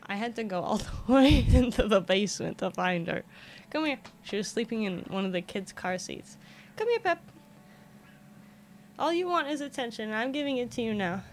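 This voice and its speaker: A woman's voice: medium pitch, brisk, hardly any pauses, soft background music. A woman streaming from her home desk in a casual chat, coaxing her cat in a sing-song voice. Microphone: desk microphone.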